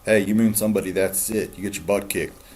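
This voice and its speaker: A man's voice: lowish voice, steady tone, fast, darkish tone. A man doing a sneering teenage bully. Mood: threatening. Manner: gruff, sneering, mocking. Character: boorish teenage boy bully.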